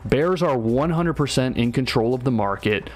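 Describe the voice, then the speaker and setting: A man talking through charts on a live market stream. His voice sits at an ordinary middle pitch, and his delivery is loose and slangy. He keeps checking in with "right?" and "man". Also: animated, normal speed. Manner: casual and slangy, often asks "right?". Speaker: market analysis livestreamer.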